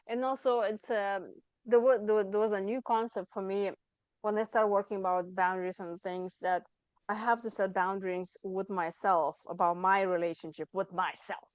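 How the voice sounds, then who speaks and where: A woman hosting a podcast interview, talking in a reflective, casual way with halting restarts. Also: mid-range voice, fairly even intonation, clean tone, dry recording. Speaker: podcast host.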